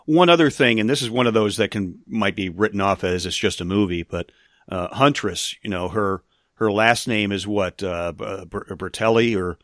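A man in his forties hosting a podcast, relaxed as he leads the chat and introduces segments. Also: fairly low pitch, moderate pace, dry recording, clean studio sound. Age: 40s. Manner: relaxed, leads the show and runs the breaks. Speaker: podcast host. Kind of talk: casual chat.

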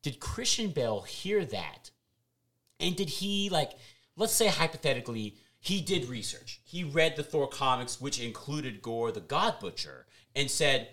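A man's voice: medium pitch, sing-song, a little slow, a bit bright. A man co-hosting a casual movie review podcast, talking animatedly and swearing freely. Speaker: podcast co-host.

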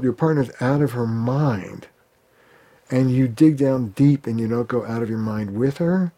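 Male therapist guest: mellow, relaxed tone; lively storyteller who slips into quoted voices. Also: mid-range voice. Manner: animated, acts out quoted arguments. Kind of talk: conversational interview.

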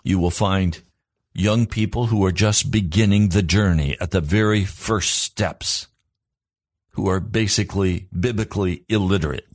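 A man's voice: low-pitched, a little slow, no room sound, studio quality. A man preaching a sermon as a pastor, in an earnest, emphatic cadence built on repeated phrases.

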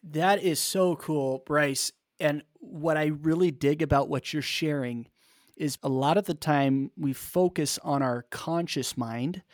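A man's voice: on the high side, unhurried, dry recording, studio quality. A man hosting a podcast, reflecting on and encouraging his guest's story. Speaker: podcast host. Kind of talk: casual interview talk.

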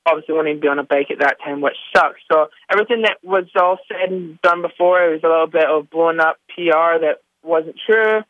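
A man's voice: fairly high pitch, a little fast, hardly any pauses, dry recording. A man calling in as a guest, talking in a laid-back, rambling way with lots of fillers. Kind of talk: casual phone-in chat. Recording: muffled phone line.

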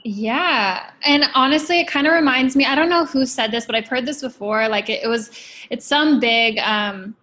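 A woman's voice: a little high, moderate pace, sharp tone. A woman interviewing a guest in casual chat, asking loosely phrased questions.

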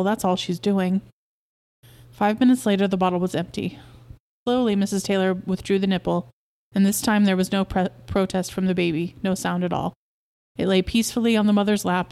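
Woman storyteller, steady and measured, mid pitch. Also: vocal fry. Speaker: podcast host reading a story. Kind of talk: story reading.

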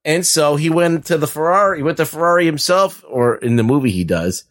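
A man's voice: on the high side, animated, fairly quick, a bit bright. A man co-hosting a casual podcast, rambling through movie recaps with frequent swearing and laughter. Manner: rambling, profane, laughs while talking. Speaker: podcast co-host. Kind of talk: casual chat.

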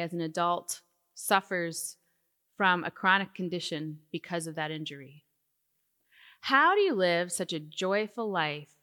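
A woman speaking at a Christian women's conference, telling a personal story with lively, animated delivery, recorded live in a hall. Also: medium pitch. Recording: hall reverb from a live venue.

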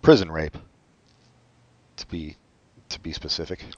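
Podcast co-host: low-voiced man, deadpan and wry, close dry mic with a muffled tone. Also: unhurried, dry recording. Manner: deadpan, sardonic asides. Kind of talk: casual chat.

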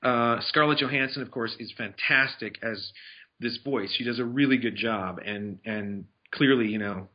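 In a casual movie review chat, a male film reviewer with a mid-range voice talks at normal speed about films he has seen. His talk rambles with restarts and fillers, recorded with dull lo-fi sound.

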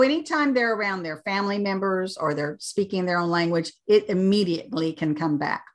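An American woman in middle pitch who works as an accent coach, speaking as a guest on an interview show. She explains patiently and with care, and she grows lively when she tells stories about her students. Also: brisk, hardly any pauses. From United States.

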